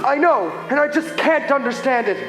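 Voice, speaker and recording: A man's voice: extremely high pitch, expressive, moderate pace. A young man playing an earnest, lovesick groom who pleads with his bride. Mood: pleading. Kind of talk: stage musical acting. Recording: echoey theater with music.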